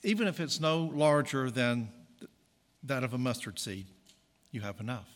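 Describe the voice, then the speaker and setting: A man's voice: mid-range voice, animated, normal speed, big-room sound. A man preaching a conversational sermon, correcting himself and adding jokey asides. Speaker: pastor.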